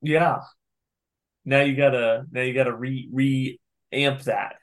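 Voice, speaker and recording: A man's voice: medium pitch, fairly even intonation, slow. A man co-hosting a podcast, chatting casually in a laid-back way with dry comments. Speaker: podcast co-host. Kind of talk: casual chat.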